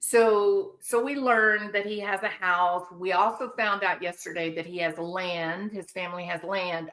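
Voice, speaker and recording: A woman's voice: mid-range voice, a little slow, hardly any pauses, sharp tone. A woman hosting a commentary channel, talking in an emphatic, indignant way, with rhetorical asides to her viewers. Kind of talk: opinionated commentary.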